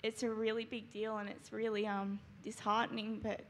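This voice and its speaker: A woman's voice: on the high side, little pitch movement, normal speed, a bit bright, a little hiss or hum. A teenage girl sharing earnestly at a church gathering, with many fillers like "um" and "like". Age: teens. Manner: earnest, full of "like" and "um". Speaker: high school student sharing. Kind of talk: casual sharing in a church talk.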